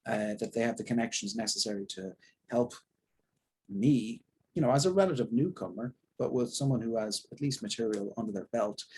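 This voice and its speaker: A young Irish actor talking candidly and at length in an interview, rambling and self-deprecating. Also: male voice, medium pitch, a little mellow, a little hiss or hum, low-quality recording. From Ireland. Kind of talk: casual interview talk.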